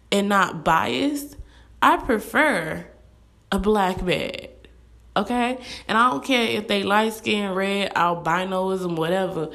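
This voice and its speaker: A young woman, ranting bluntly and animatedly in a casual monologue to camera. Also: medium pitch. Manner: animated, blunt, fast-talking with quoted asides.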